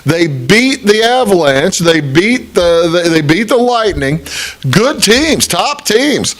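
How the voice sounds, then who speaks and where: A man hosting a casual sports talk show, chatting to camera with lots of fillers and big swoops in pitch. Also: big pitch swings, slow pace. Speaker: show host.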